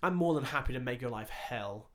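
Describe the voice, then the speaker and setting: A young man hosts a relaxed podcast conversation, recounting work stories with lots of energy. He curses freely and acts out the voices of the people in his stories. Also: mid-range voice, fairly quick. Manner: animated storytelling, swears freely, acts out quoted voices. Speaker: podcast host. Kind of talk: casual podcast chat.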